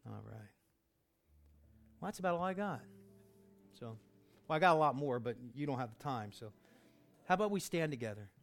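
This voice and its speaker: A man preaching a sermon as pastor, emphatic and repetitive, swinging between loud passages and hushed ones, with casual slang asides. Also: medium pitch, lively intonation, normal speed, creaky, long pauses, soft background music.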